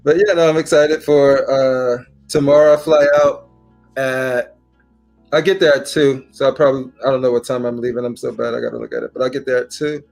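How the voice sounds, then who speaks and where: A man's voice: mid-range voice, fairly quick, faint music behind. A middle-aged man, a father, casually chatting as a podcast host and acting out stories with voices. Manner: animated storyteller, acts out dialogue. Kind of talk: casual chat.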